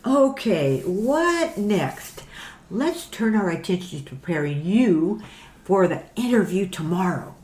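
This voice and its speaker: A woman voicing a brisk, businesslike promoter who pitches merchandise in an upbeat, salesy way. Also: very animated, a little mellow. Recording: roomy echo.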